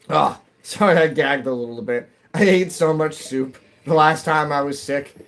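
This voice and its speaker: A man's voice: mid-range voice, a little hiss or hum. A man from New England chatting casually with his viewers while gaming, rambling from topic to topic and laughing often. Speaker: live streamer.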